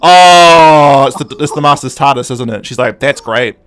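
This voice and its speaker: A man co-hosting a podcast, casually recapping an episode and acting out the characters in quick asides. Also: mid-range voice, steady tone, a bit bright. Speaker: podcast co-host.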